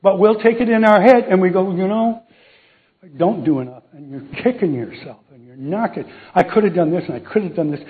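A man with a high-sitting voice preaches a casual sermon at a brisk pace, telling a Bible story, acting out the characters' voices, and joking with the audience. The sound is tinny, like a phone.

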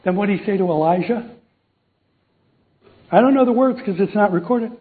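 A man's voice: high-pitched, normal speed. Man preaching over a tinny line. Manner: storytelling, acts out voices, jokes with the audience. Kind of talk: sermon. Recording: tinny phone-like sound.

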